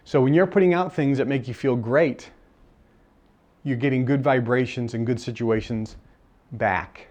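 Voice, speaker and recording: A man's voice: medium pitch, darkish tone. A man giving a live seminar lecture, emphatic and repeating his key phrases, sometimes acting out bits of dialogue. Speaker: seminar speaker.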